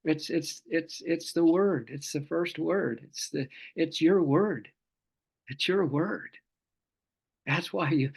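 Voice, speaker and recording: A gravelly-voiced man leads a scripture class, pitched a little high. He speaks fervently, circling back on his phrases and drawing out long chanted vowels. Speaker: spiritual teacher.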